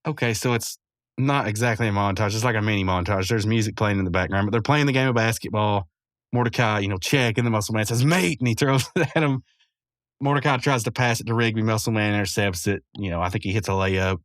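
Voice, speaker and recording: A man's voice: on the low side, fast talker, no echo, studio quality. Rambling man recapping an episode. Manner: rambling, chuckles often, self-correcting. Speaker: podcast host.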